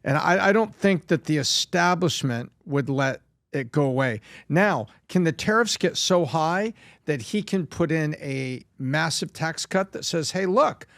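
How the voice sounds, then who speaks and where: A man's voice: on the high side, expressive, a little slow, fairly bright tone, no echo. A man on a podcast panel giving confident, emphatic opinions. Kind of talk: casual panel discussion.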